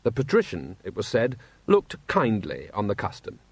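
A man reading a story aloud in a wry, steady narrating voice, acting out the characters. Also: fairly low pitch, moderate pace, husky, dry recording. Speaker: audiobook narrator. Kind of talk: scripted narration.

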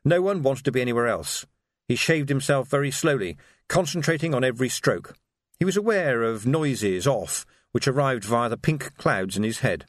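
A man reading a novel aloud with a lively, expressive lilt. His voice sits mid-range and the sound is close and dry. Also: mid-range voice, moderate pace, no room sound. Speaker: narrator. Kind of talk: audiobook narration.

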